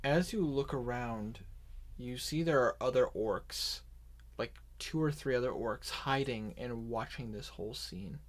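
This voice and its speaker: A man narrating as dungeon master in an online tabletop game, taking his time and often restarting his sentences. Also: medium pitch. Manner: unhurried narration with many restarts and asides.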